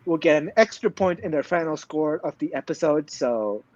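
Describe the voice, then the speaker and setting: A man's voice: a little high, animated, normal speed, darkish tone, no room sound, lo-fi sound. A man co-hosting a casual recap podcast, blunt and emphatic, swearing freely. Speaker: podcast co-host.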